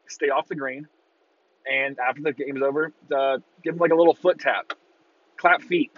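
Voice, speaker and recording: A man ranting casually on a podcast, swearing freely and breaking into loud mocking impressions of fans. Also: fairly high pitch, lo-fi sound. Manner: profane, exasperated ranting with mocking shouted impressions. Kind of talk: casual rant.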